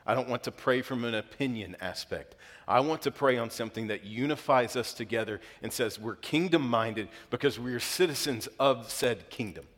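A man's voice: mid-range voice, a bit bright. Male pastor, late 30s, earnest sermon delivery with surges of emphasis, church hall reverb. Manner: earnest, builds up with emphasis, halting restarts. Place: church auditorium.

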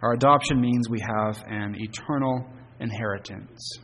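A man preaching an evening sermon, earnest, with emphatic stresses and phrase endings that drop soft. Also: lowish voice, normal speed, long reverb tail, background noise. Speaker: pastor. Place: church sanctuary.

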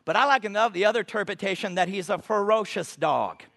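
A man with a notably high voice preaches with emphasis, stretching out his scripture quotes. He sounds middle-aged and speaks as a guest preacher. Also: fast talker, gravelly, fairly bright tone. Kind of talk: sermon.

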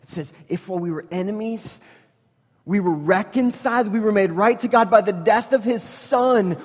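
A man preaching a sermon as pastor, animated, swinging from loud emphasis to hushed intensity, with joking story asides. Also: high voice, moderate pace, breathy edge, long reverb tail. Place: church sanctuary.

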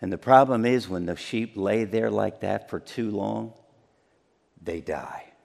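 A man pastor preaching a sermon, swinging between hushed, near-whispered lines and loud, emphatic ones. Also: lowish voice, a little slow, creaky, in a large hall.

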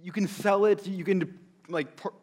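A man's voice: high voice, fairly even intonation, a little slow, voice pushed up. A preacher acting out an indignant male disciple. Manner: loud, exasperated, insistent. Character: indignant male disciple complaining about waste.

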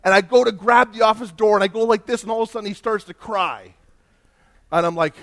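High-voiced animated male preacher. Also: a little fast. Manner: animated, emphatic, acts out dialogue. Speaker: pastor. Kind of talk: sermon storytelling.

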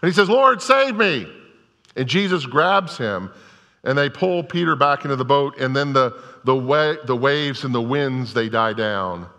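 A man's voice: medium pitch, normal speed, fairly bright tone. A male pastor preaching a sermon to a congregation, telling scripture stories in a conversational, storytelling way. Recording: long reverb of a large hall.

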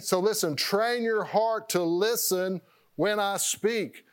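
A man's voice: sits high, slow pace, clear, resonant tone. A man preaching a sermon as pastor, rambling and repeating words, often stopping to laugh at himself.

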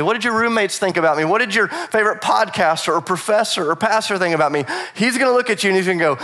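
Guy preaching a sermon, higher voice, lively, acts out scripture lines like casual chat. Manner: repeats phrases for emphasis. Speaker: pastor.

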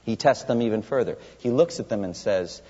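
Here a preacher gives an expository sermon in a church sanctuary, pressing his points and posing rhetorical questions to the congregation. His voice sits on the low side, brisk, dark and slightly rough. Long hall reverb and a dull lo-fi sound color the recording.

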